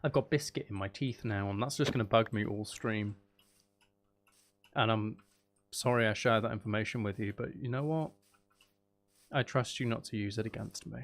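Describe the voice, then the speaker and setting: Low-ish and at normal speed, his voice comes with long pauses and a bit of background noise. While streaming a game, he rambles to his audience in a playful, jokey, self-mocking way.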